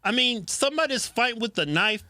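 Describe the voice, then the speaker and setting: A man's voice: very high voice, animated, brisk, sharp tone, dry recording, clean studio sound. A man co-hosting a casual political chat show, blunt and argumentative, pushing back on his partner. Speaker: co-host.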